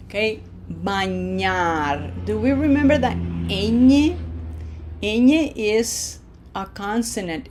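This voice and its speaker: A woman's voice: medium pitch, slight background noise. A woman teaching a Spanish lesson from slides, drilling verb forms aloud with long, stretched vowels. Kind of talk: slide-based language lesson.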